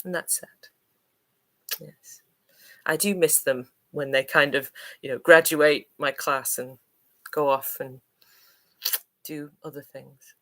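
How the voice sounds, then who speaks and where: Low-voiced English teacher from Manchester. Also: female voice, fairly even intonation, slow pace, long pauses, fairly bright tone. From Manchester, England. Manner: chatty, hesitant, lots of ums and uhs. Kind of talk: livestream Q&A.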